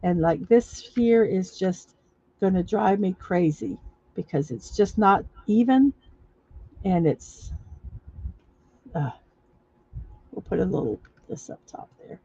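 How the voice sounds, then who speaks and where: A woman hosting a casual livestream, talking viewers through a building-block project step by step, halting often with fillers and restarts. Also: medium pitch, lively intonation, mellow, slightly rough, no echo. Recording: dull lo-fi recording.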